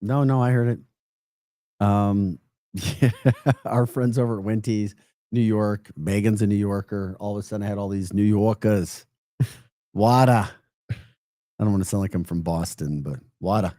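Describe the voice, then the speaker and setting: A man's voice: on the low side, normal speed, long pauses, no room sound, studio quality. A male morning radio host with a St. Louis Midwestern accent, chatting and joking casually on air. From St. Louis, Missouri. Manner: chatty, joking, animated asides. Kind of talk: casual radio show banter.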